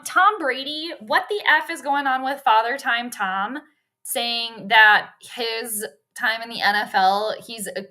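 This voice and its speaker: A woman's voice: a little high, sharp tone. A young woman hosting a casual sports live stream, chatty and rambling, greeting viewers by name between asides.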